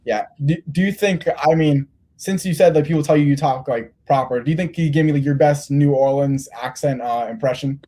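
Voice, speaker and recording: Male interviewer, fast rambling talk, mellow tone. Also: a little high. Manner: rambling, many restarts. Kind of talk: casual interview.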